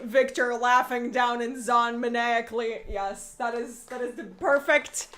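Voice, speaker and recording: A woman joining a casual lore chat as a guest, giggly and enthusiastic, dropping low for deadpan quips. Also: a little slow.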